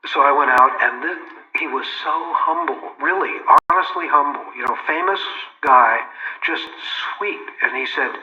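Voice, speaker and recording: Older man, relaxed storyteller, loose restarts, medium pitch, dull roomy recording. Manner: unhurried, warm anecdotes with frequent restarts and "you know". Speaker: interview guest recalling memories.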